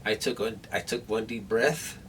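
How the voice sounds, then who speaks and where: A man's voice: fairly low pitch, fairly even intonation, moderate pace, a bit bright. A man vlogging at home after surgery, telling a rambling story to the camera with many restarts, sore and in pain. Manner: rambling, nervous retelling with restarts. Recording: distant camera mic, faint room noise.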